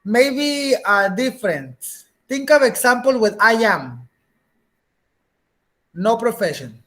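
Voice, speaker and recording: A woman's voice: a little high, big pitch swings, slow pace, a bit bright. A woman teaching a beginner English class, patiently repeating words, checking that students follow, and slipping into Spanish now and then.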